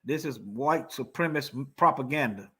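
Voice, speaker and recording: A man's voice: mid-range voice, lively intonation, moderate pace, sharp tone. A man commenting on news articles in a heated, preaching way, firing off rhetorical questions and repeating lines for emphasis.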